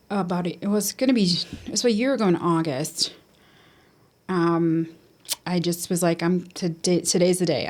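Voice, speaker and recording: Appearing as a guest on a podcast, a woman with a fairly low-pitched voice candidly tells a personal story. She speaks haltingly, restarting often and quoting what she said to herself.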